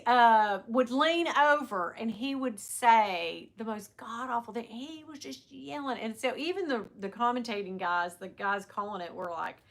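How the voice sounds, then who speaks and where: A middle-aged woman hosting a livestream, chatting casually and telling lively stories, laughing often and mimicking the people she talks about. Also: a little high. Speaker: livestream host. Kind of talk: casual chat to viewers.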